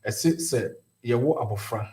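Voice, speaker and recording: Ghanaian lawyer explaining at length. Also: male voice, medium pitch, normal speed, a little mellow, echoey room, a little hiss or hum. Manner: explains at length, mixing English with Twi phrases, many fillers. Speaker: immigration lawyer. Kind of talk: call-in legal advice on a talk show.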